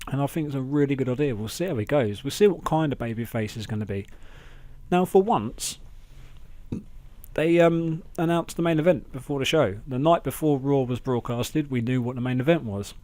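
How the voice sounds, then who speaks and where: A man hosting a casual wrestling review podcast, chatty and excitable, talking into a close mic at home. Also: mid-range voice, moderate pace, no room sound. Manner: chatty, excitable, acts out quotes in raised voices. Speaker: podcast host.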